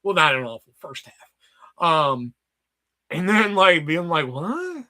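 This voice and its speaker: A man in his thirties hosting a casual livestream, rambling and swearing as he tells animated stories. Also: on the high side, slow pace. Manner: rambling, profane, animated storytelling. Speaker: livestream host.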